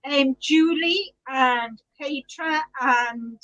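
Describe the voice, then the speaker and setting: A woman's voice: sits high, drawn-out words, fairly bright tone, dull audio. A woman hosting a casual live-stream chat, greeting viewers by name and laughing often. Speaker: podcast host reading live chat.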